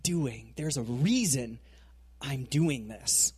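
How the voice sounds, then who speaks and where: A gentle male teacher who speaks quietly and slowly, with a husky tone, as a preacher puts him on. His delivery is calm and low-key. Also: exaggerated voice. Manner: soft and gentle.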